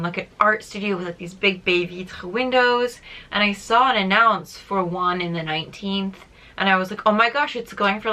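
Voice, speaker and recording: Young woman, vlogger, casual chat, bright tone, mid pitch, lots of "like" fillers. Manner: chatty, many "like" fillers, laughs while talking. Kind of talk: casual vlog talk.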